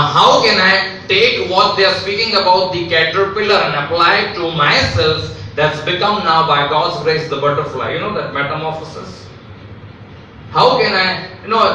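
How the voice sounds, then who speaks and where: Recorded from a distance in a large, very echoey church hall, a male pastor from India delivers an emphatic live sermon full of repeated phrases and rhetorical questions. His voice runs high with a sharp tone, and there is a little hiss or hum.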